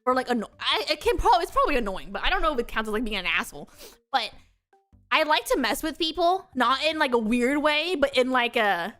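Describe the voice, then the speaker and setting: Giggling often, a young VTuber from the United States shares casual travel stories on her stream, doing animated voices of the people she encountered. Her voice is high and bright, a little fast, and soft music plays faintly behind her.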